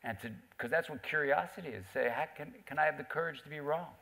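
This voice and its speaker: A man's voice: a little high, fast talker, creaky. A middle-aged man telling stories on a theater stage, acting out the voices of the people he quotes. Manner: animated storyteller, acts out quoted voices. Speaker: author and psychiatrist guest. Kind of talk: storytelling on stage in conversation. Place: theater stage before an audience.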